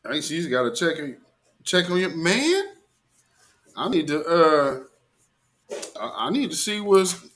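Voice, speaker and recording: Guy hosting a live stream, bright tense voice, excitable and chatty. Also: a little high, slow, pauses often. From American South. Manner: excited, talks back to a played clip. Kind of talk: casual live commentary.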